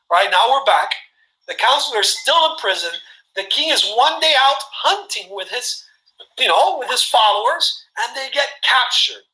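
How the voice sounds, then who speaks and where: Cuban guy hosting a webinar, rambly story, bright lively voice. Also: extremely high pitch, rough recording. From Cuba. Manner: animated, rambling, self-interrupting. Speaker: webinar presenter. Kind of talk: casual storytelling.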